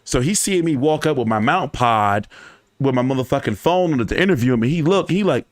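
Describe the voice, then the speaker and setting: In clean studio sound without echo, a boxing channel host with a mid-range voice talks a little fast. He tells his viewers loose, laughing stories peppered with profanity, all very animated.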